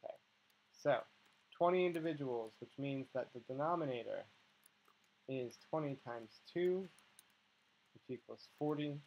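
In a muffled recording, a biology instructor with a mid-range voice gives a tutorial walkthrough at a measured pace, leaving long pauses. He patiently works through problems step by step, often checking in with the listener using "okay" and "right."

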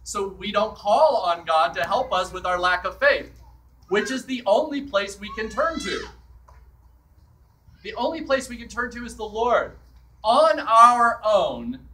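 A man's voice: sits high, unhurried, pushed and bright, far from the mic, slight background noise, rough recording. A man preaching a sermon as a priest in a church, in a conversational way that acts out the scripture quotes.

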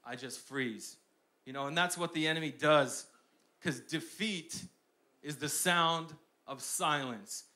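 A young man preaching a sermon, shifting between hushed personal storytelling and loud, emphatic declarations with lots of repetition. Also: fairly high pitch, slow.

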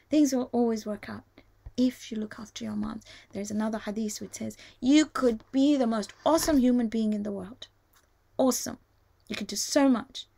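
A woman giving a live religious talk, telling stories with animation and often dropping to a hushed whisper. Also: fairly high pitch, vocal fry. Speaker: religious teacher.

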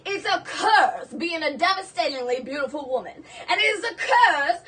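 A woman putting on a put-on Southern US accent to play a vain, flirtatious middle-aged Southern belle with a breathy, coquettish drawl. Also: sits high, expressive, moderate pace, pushed and bright, distant mic. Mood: vain, flirty.

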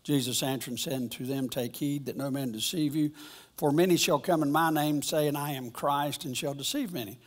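Husky guy teaching scripture at church, loose and rambly, keeps stopping and starting over. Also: a little high. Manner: rambling, halting, with frequent restarts. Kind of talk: informal Bible teaching.

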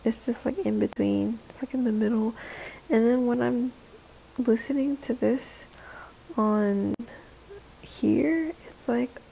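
Hosting a casual late-night livestream chat, a young woman speaks slowly and drowsily, letting her words trail off. Her slightly high voice sounds rough and gravelly tonight, with a warm tone, muffled audio and a faint hiss underneath.

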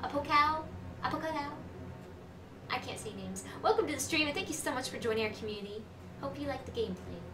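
A woman's voice: sits high, expressive, fairly quick. A woman streaming a game, chatting casually and giggling with her viewers. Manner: chatty, giggly, talks to chat. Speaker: gaming streamer. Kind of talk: casual live-stream commentary. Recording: echoey room, distant mic, faint noise.

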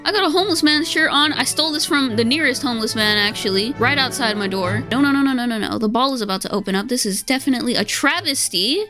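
A woman YouTuber giving casual gameplay commentary, bubbly and excitable, often breaking into squealing exclamations. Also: fairly high pitch, brisk, hardly any pauses, faint music behind. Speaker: gaming YouTuber.

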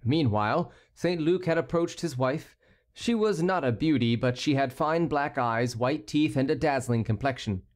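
Steady male audiobook narrator. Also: medium pitch, moderate pace. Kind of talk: scripted narration.

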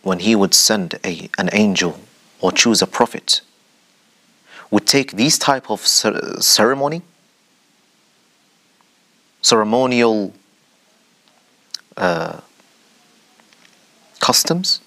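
A man's voice: fairly low pitch, animated, slow pace, pauses often, bright, forceful tone. A man hosting a religious commentary show, speaking in a rhetorical way, addressing the audience directly with dramatic emphasis. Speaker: show host.

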